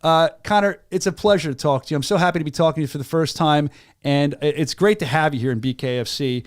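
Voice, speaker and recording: A man with a Philadelphia-area accent hosting a casual chat, enthusiastic and full of quick restarts. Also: a little high. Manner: enthusiastic, rapid, stumbling restarts. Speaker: host.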